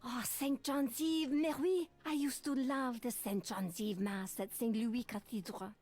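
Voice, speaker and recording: A superstitious old Creole woman in a point-and-click mystery game, with a French-tinged Creole English accent. Her voice is breathy and husky and keeps sinking to a hush, over faint background music. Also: a little high, fairly even intonation, measured pace. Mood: wistful. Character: fearful elderly Creole woman, superstitious and secretive.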